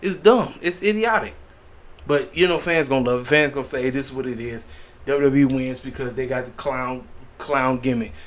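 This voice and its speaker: A man's voice: mid-range voice, steady tone, fairly quick. A man giving a casual opinion rant as a wrestling vlogger, exasperated and repetitive, with slangy asides.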